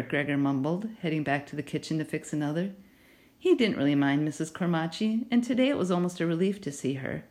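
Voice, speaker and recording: A woman narrating a children's novel in an expressive storytelling manner. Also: low voice, fairly quick. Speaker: audiobook narrator.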